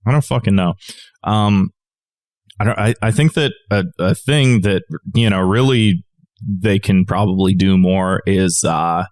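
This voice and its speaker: A man's voice: sits low, unhurried, darkish tone. A man co-hosting a podcast in casual chat, rambling into exasperated, profane rants. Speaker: podcast co-host.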